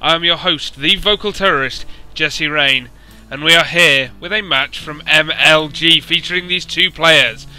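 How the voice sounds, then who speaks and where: A young man hosting and commentating a video game match in a chatty, rambling way, with dry self-mocking humour and a slightly hoarse voice. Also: fairly high pitch, measured pace, sharp tone, faint music behind, rough recording.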